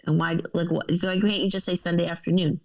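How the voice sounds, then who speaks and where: A woman's voice: fairly low pitch, fairly even intonation, fast talker, darkish tone, low-quality recording. A woman co-hosting a podcast, reading news articles aloud with casual asides and laughs.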